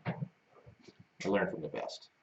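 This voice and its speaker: A man co-hosting a casual live stream from a home studio, teasing and self-deprecating as he chats. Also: extremely slow. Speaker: co-host of a ranch live stream. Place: seated on a small love seat in a home studio. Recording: dull, distant mic.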